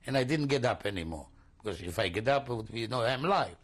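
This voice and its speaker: A man's voice: mid-range voice, expressive, slightly rough. Older male interviewee, mid-range voice, unpolished, stumbling speech in testimony. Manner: halting, searching for words, repeats himself; non-native English, broken grammar. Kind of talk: oral history testimony.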